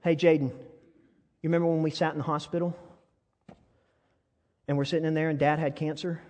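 A man preaching a sermon, telling stories with passion and sometimes dropping to a soft, intimate voice. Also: a little high, level tone, a little fast. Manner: impassioned storytelling that drops to soft, intimate tones. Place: church sanctuary. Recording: long reverb of a large church hall.

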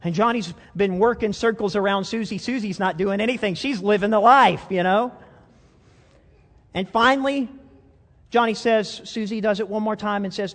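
Pastor, high voice, lively sermon storyteller, long hall echo. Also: male voice, moderate pace. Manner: animated storyteller, repeats words, chuckles often. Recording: long reverb of a big hall.

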